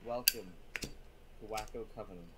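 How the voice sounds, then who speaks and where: A man co-hosting a tabletop game show, flustered and laughing, tossing out quick mock insults at his friends. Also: on the low side, pushed and bright, slight background noise. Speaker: co-host. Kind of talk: joking banter among friends.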